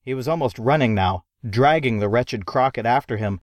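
A man reads an audiobook aloud with lively, expressive storytelling. His voice sits mid-range, and the recording is dry and close to the mic. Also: mid-range voice, moderate pace, no echo. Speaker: narrator. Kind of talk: audiobook narration.

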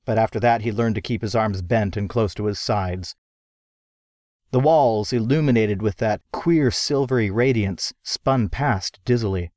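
A man narrating an audiobook in a lively, expressive storytelling manner. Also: lowish voice, a little slow, dry recording, clean studio sound.

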